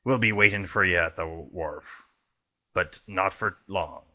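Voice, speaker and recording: Hearty pirate captain, deep, gravelly, bright edge, played by a man. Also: measured pace, exaggerated voice. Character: boisterous middle-aged male pirate captain.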